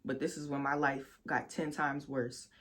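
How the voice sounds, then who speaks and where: A young woman recounts a painful chapter of her life on her vlog, swearing freely and addressing viewers as if they were friends. When she is indignant her voice jumps high and loud. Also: little pitch movement, normal speed. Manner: candid, profane storytelling that addresses viewers directly; bursts into loud, high outbursts when outraged. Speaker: vlogger. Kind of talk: storytime vlog.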